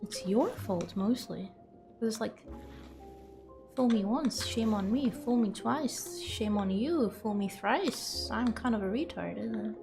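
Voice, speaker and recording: A woman's voice: a little high, expressive, a little slow, creaky, over music. A young woman streaming, chatting casually with viewers in a self-mocking, laughing way.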